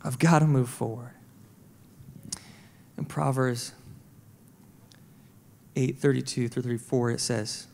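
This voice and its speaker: A man preaching a sermon as senior pastor in a church, conversational and animated, acting out the voices of children and God. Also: medium pitch, slow pace, gravelly, pauses often. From St. Louis, Missouri. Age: adult with kids. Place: church auditorium. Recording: reverberant church hall.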